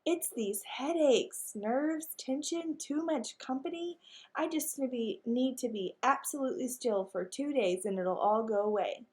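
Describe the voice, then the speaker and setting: A fussy, genteel mother dog, as a woman puts her on, with overly sweet and polite speech. Her voice sits somewhat high. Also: moderate pace, hardly any pauses, natural voice.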